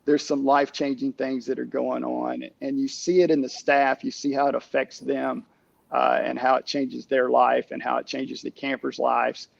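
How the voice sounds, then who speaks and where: A middle-aged man, a camp director, telling stories in a casual interview, halting with many restarts and fillers. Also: medium pitch, little pitch movement, creaky, no room sound, highs cut off.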